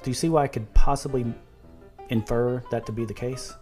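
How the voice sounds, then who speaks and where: A man speaks in an argumentative video monologue at an ordinary middle pitch. He keeps restarting his words while he builds his point. A faint bed of music plays behind him. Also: fairly even intonation, fairly quick, dark tone. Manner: repeats and restarts words, reads quotes aloud, sarcastic. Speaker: video commentator.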